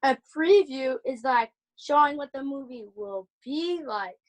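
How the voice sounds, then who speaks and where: A student giving short answers to the teacher in an online class. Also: female voice, high-pitched, lively intonation, a little slow.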